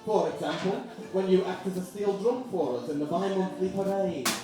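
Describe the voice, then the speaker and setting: A man voicing a formal letter from a pompous boss, read deadpan in a live stage sketch. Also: sits high, normal speed, close to an everyday voice. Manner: mock-formal, deadpan reading. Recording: echoey theatre from far off, music behind.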